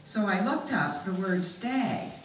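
A woman giving a sermon testimony, telling her story earnestly and reading scripture slowly and expressively. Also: mid-range voice, animated, a bit bright, a little hiss or hum. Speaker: preacher. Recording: echoey room, mic far off.

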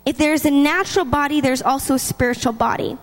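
High-voiced woman preaching in a reverberant hall. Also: a little fast. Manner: lively, chatty, laughs between points. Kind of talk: sermon.

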